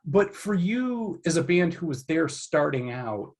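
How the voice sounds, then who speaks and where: A man's voice: on the high side, very animated, unhurried, husky. A man hosting an interview podcast, asking long, enthusiastic, rambling questions. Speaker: podcast host. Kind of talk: casual interview.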